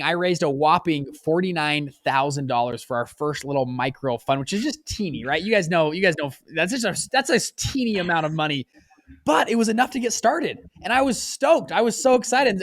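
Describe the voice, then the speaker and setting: This podcast guest, a fund manager in his twenties, speaks briskly as he shares his story in an animated, informal way on an interview show. Whenever he acts out what someone said, his voice leaps higher. The audio is dry.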